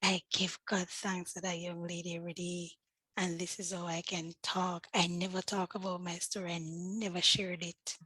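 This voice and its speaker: A middle-aged woman tells her personal story as a guest on a talk show. She speaks in an earnest, faith-filled, animated way and acts out the voices of people she quotes. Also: fairly low pitch, breathy edge, no echo, poor audio. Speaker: podcast guest.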